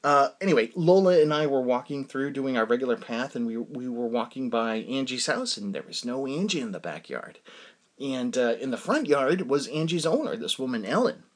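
Rambling, halting man telling a story. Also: medium pitch, sing-song. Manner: rambling, halting, many restarts. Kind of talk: casual personal storytelling.

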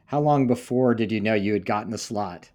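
A man's voice: lowish voice, brisk, mellow. A man hosting a podcast, asking curious, long questions in a casual interview. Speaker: podcast host.

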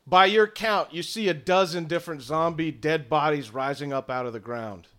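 A man's voice: a little high, bright, forceful tone. Man narrating as game master. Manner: descriptive, unhurried narration with fillers.

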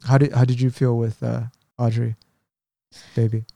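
A man's voice: medium pitch, flat delivery, moderate pace, vocal fry, warm tone, no echo. Rambling, reflective man chatting. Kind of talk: casual chat.

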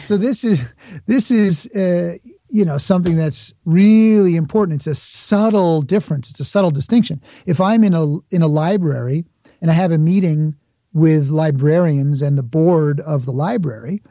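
A middle-aged man from the Bronx, New York, appears as a podcast guest in a conversational interview, his voice a little high and dark-toned at a normal speed. He's reflective and explanatory, using examples and acted-out asides. The studio recording is clean with no room sound.

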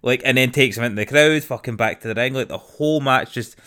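A man's voice: medium pitch, fast, pushed and bright. A young Scottish man in casual podcast chat, blunt, sweary and enthusiastic. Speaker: podcast co-host.

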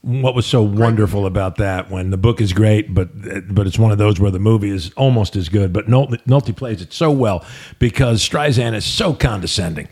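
A man's voice: on the low side, normal speed, a little mellow, husky. Older guy rambling on a podcast, swears a lot. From New Jersey. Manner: rambling, profane storyteller. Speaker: podcast co-host. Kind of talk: casual chat.

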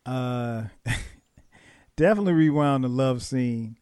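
A man who is a podcast guest and tells animated stories with frequent laughs. His mid-pitched voice sits close and dry on the mic. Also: slow, clean tone, dry recording. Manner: animated storytelling, laughs often. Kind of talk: casual podcast chat.

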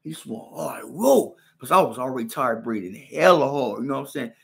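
A young man hosting a podcast, telling a story in casual chat, animated and slang-heavy, acting out punches with sound effects. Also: medium pitch, moderate pace, gravelly. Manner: slang-heavy, repeats "you know what I'm saying". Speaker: podcast host.

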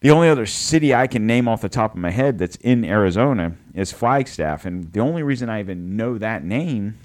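A man's voice: lowish voice, animated, a little fast. A man co-hosting a podcast, rambling through a casual political chat, swearing and correcting himself as he goes. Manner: rambling, profane, self-correcting. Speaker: podcast co-host.

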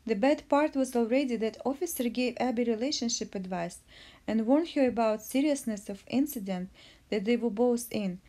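A woman narrates a case recap in a slightly high, mellow voice. She stumbles and restarts often as she reads. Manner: halting, with slips and restarts. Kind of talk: reading a case recap aloud.

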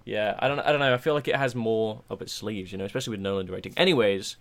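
Sweary, excitable British young man. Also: lowish voice, very fast, noisy background. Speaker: podcast host. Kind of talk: casual chat.

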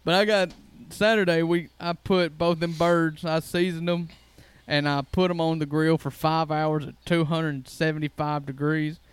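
Guy on a podcast, kinda high voice, real smooth, folksy joking storyteller. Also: little pitch movement, moderate pace, few pauses. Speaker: podcast co-host. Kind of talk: casual chat.

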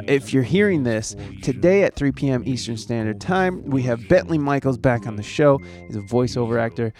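A man's voice: medium pitch, darkish tone. Rambling, jokey male podcast host. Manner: rambling, self-interrupting, profane and jokey. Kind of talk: casual chat.

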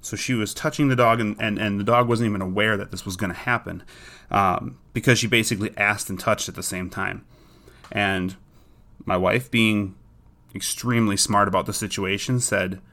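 A man's voice: lowish voice, steady tone, normal speed, pushed and bright. A man talking casually and bluntly, giving opinionated advice about dogs and their owners. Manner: blunt and opinionated, with frequent restarts.

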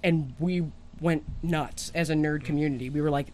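A woman from the Detroit area, a podcast guest telling stories in casual chat, animated and quick to swear. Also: deep voice, slight background noise. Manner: fast, animated storyteller, swears freely.

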